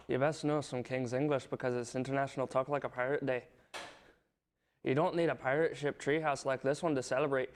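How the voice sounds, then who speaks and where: A man's voice: medium pitch, fairly even intonation, a little fast. Teen guy reading the school news, playful and upbeat, studio mic. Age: teens. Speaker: student news anchor. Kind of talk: scripted newscast reading.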